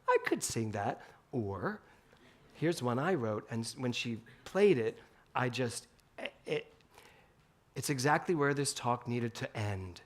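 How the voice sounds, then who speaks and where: A male minister giving a Sunday talk in a spiritual center, telling an animated story with bursts of laughter. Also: medium pitch. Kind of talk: sermon storytelling.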